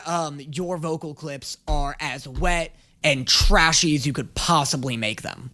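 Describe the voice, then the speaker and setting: A young man hosting a comedic reaction video, ranting sarcastically and breaking into sudden shouts. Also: sits high, creaky. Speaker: YouTube reaction host.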